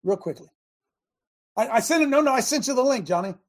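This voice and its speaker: Male host, fiery sermon-style monologue, shouts for emphasis. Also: very high-pitched, animated, quick pace. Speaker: talk show host. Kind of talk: preaching talk show monologue.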